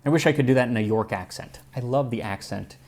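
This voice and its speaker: A man's voice: mid-range voice, quick pace, darkish tone. A man hosting a cooking history show, giving scripted narration with dry humor and tasting the food.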